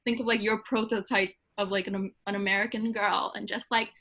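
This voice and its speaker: Bright upbeat woman giving advice on a video panel, mid pitch. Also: level tone, a little fast. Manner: upbeat, encouraging. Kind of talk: panel discussion. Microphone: video call.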